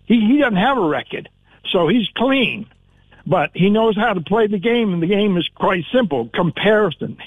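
High-voiced caller on a tinny phone line. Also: male voice, expressive, moderate pace, no echo. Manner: confident, folksy, repeats his points. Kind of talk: call-in radio chat.

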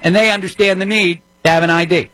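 A man with a New Jersey accent fills in as a political talk radio host, speaking in a wry, conversational monologue full of ums and uhs. His voice sits a bit high for a man. The studio sound is dry and close. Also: steady tone, fast, fairly bright tone, no room sound, rough recording.

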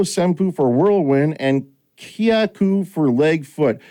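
A middle-aged podcast host with a high-pitched voice hosts a casual chat at a measured pace. He's an animated storyteller who acts out the lines he quotes.

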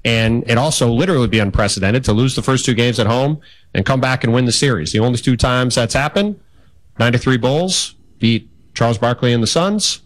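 A man's voice: medium pitch, fairly quick, dry recording. A man talking basketball in a casual podcast conversation, easygoing and full of fillers. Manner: conversational, talks through stats and history with fillers. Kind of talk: casual sports chat.

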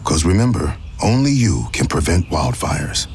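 Smokey Bear, deep and fatherly. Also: big pitch swings, normal speed, vocal fry, a little mellow, slight background noise, full character voice. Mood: solemn. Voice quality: booming, fatherly. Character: wise old bear, deep and steady. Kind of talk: radio public service ad.

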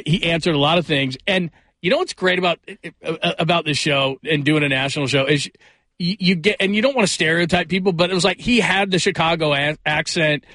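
A man's voice: on the high side, sharp tone, dry recording, studio quality. A man hosting a sports talk radio show, upbeat and full of big praise. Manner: upbeat, hyperbolic, loose.

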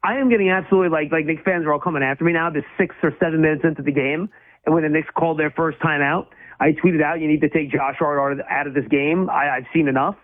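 A man co-hosting casual sports talk, talking fast and emphatically, with many restarts. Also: a little high, fairly even intonation. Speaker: sports radio co-host. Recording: tinny phone-like line.

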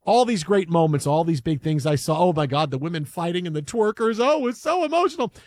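A man's voice: a little high, big pitch swings, a little fast, a little mellow, no echo. A man hosting sports talk, rambling and emphatic with many restarts. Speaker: sports radio host.

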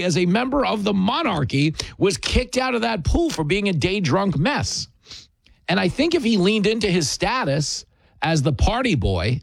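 A man's voice: a little high, dry recording. A man hosting a show, delivering a sarcastic comedic monologue. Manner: sarcastic, mocking, puts on whiny voices.

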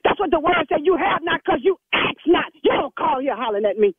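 A man's voice: very high-pitched, animated, no echo. A man voicing a stern, sassy church secretary who scolds and preaches at a caller in a comedy phone skit, over a tinny phone line. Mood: indignant, scolding. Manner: scolding, preachy, quick to take offense. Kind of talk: comedic prank phone call.

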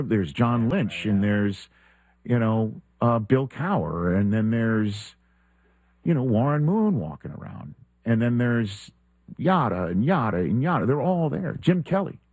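A male sports talk host with a slightly husky voice tells a story in a relaxed, chatty way. He slips into the voices of the people he quotes, and the studio sound is close and dry. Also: medium pitch, dry recording. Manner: animated storyteller who acts out quoted exchanges. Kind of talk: casual anecdote telling.

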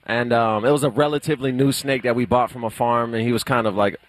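A man's voice: mid-range voice, steady tone, fast, poor audio. A young adult man guesting on a sports radio show, chatting casually and laughing easily. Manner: easygoing, laughs often. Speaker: studio guest.

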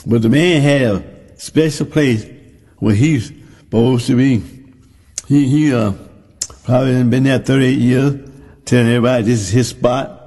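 Male preacher, folksy and repetitive in delivery, mid pitch, recorded in a reverberant hall. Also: steady tone, moderate pace, pauses often, warm tone. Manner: folksy storytelling, repeats phrases. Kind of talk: sermon.

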